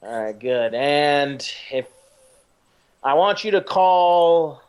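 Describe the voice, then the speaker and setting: Shady crime boss voiced by a man, slow guarded delivery, hesitant pauses, fairly high voice for a man, tabletop role-play. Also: lively intonation, a little mellow, smooth.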